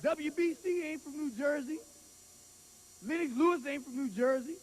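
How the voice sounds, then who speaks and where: A man who manages and trains a boxer, hurling loud taunts with a preacher-like rhetorical cadence and at a press conference. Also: extremely high pitch, normal speed, rough recording. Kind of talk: fiery press conference trash talk. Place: crowded press conference hall.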